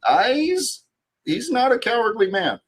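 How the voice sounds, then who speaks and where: A man hosting a live talk stream, earnest and halting, often restarting his sentences. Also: very high voice, sing-song. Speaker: stream host.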